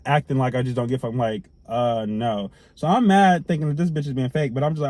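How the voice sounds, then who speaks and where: A young man telling a storytime to camera in a casual, profane way, jumping between loud outbursts and quiet asides. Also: medium pitch, fast, few pauses, no echo.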